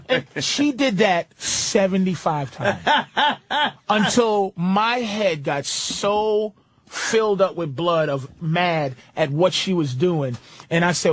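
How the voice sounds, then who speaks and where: A podcast host telling stories in a casual, profane way, acting out what people said. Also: male voice, high-pitched, takes it slowly, dry recording. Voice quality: animated, acts out quotes.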